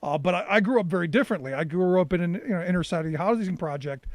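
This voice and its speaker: A man hosting a talk show, asking questions in a quick, eager way with stumbling restarts. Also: high-pitched, expressive, no room sound. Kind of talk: interview questions.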